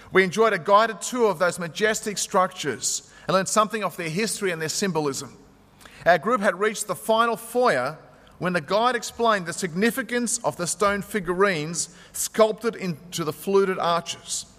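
A man's voice: sits high, a bit bright, big-room sound. A man preaching a sermon as pastor, talking in a conversational way and retelling stories through quotes.

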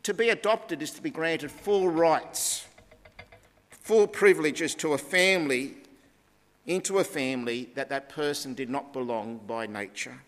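A man delivers a sermon at an unhurried, deliberate pace, his slightly raised voice stressing key words as he teaches. A long reverb trails each phrase, as if he speaks in a large hall. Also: fairly high pitch, a bit bright. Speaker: preacher.

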